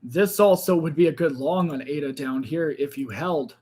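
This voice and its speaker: A man with a fairly high voice hosts a live trading stream at his desk. He talks through the charts in loose, casual commentary, often changing his mind mid-sentence. His voice sounds a little worn, as if he is losing it. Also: moderate pace, dark tone. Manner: thinks aloud, second-guesses himself mid-sentence. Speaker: crypto trading livestream host.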